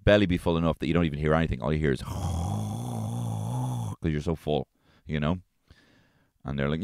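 A man's voice: rumbling low, brisk, vocal fry, pauses often, a little mellow, no room sound. A man with an Irish accent hosting a solo comedy podcast from inside his car, ranting in an exasperated, profane way. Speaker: podcast host.

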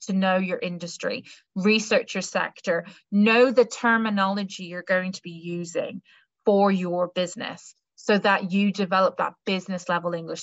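A woman's voice: mid-range voice, fairly bright tone, no room sound. Woman careers adviser chatting thru a webinar, lots of ums, kinda dull lo-fi sound. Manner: chatty, reassuring, with many fillers. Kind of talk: university careers webinar talk.

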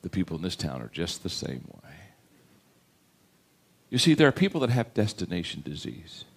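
A man's voice: sits low, wildly swooping pitch, normal speed, vocal fry, husky. A man telling a story as a sermon in a conversational way, with stammered restarts. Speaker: speaker.

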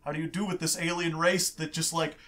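High-voiced man hosting a chatty podcast. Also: flat delivery, a little fast, bright, forceful tone. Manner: explains lore, tells stories with sound effects, laughs often. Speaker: podcast host. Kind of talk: casual podcast chat.

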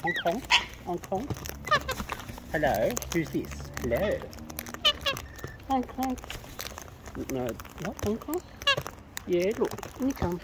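Outdoors amid loud background noise, a bird-feeding vlogger chats casually to wild birds while filming. His high-pitched voice is sing-song, slow, and broken by long pauses, playful and coaxing as he feeds them.

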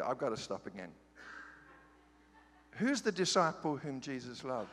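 A man's voice: medium pitch, very animated, a little slow, long pauses, fairly bright tone. Chatty man preaching in a reverberant church. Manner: humorous, chatty asides. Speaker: guest preacher. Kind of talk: sermon with scripture reading. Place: large church sanctuary. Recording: long hall reverb.

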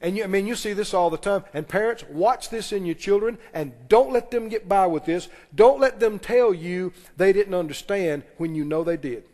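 A man preaching a sermon, calling on the congregation to respond and breaking into quick asides. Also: sits high, warm tone. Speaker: pastor. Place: church sanctuary. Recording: long reverb of a church hall.

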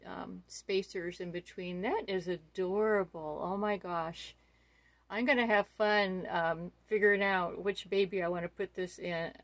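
A woman's voice: medium pitch, no room sound. A middle-aged woman chatting casually as she unboxes gifts, gushing and awestruck, with many ums. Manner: gushing, awestruck, full of fillers. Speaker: doll collector vlogger.

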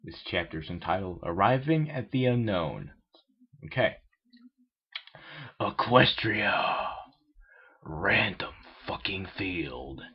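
A man reads a crude fan story aloud in a casual, stumbling way. His pitch moves a lot, and the recording is muffled and lo-fi. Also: big pitch swings, slow pace, long pauses, slightly rough. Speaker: reader of fan fiction.

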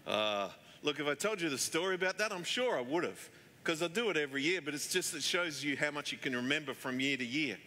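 A man's voice: on the high side, sharp tone. A middle-aged man preaching a sermon, telling stories in a chatty way with plenty of fillers. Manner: chatty storyteller, many fillers. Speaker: pastor. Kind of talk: sermon with anecdotes. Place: church hall. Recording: echoey church hall.

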